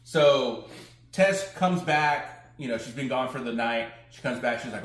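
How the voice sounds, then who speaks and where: A man's voice: medium pitch, measured pace, a bit bright. A man co-hosting a casual podcast, retelling a TV episode and quoting its characters loosely. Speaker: podcast co-host. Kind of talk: casual recap chat. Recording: roomy echo.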